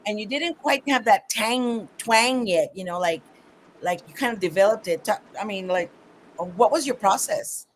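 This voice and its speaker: A woman's voice: mid-range voice, moderate pace, a little hiss or hum, poor audio. A woman hosting a radio talk show, asking questions enthusiastically with many fillers and restarts. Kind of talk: casual radio interview.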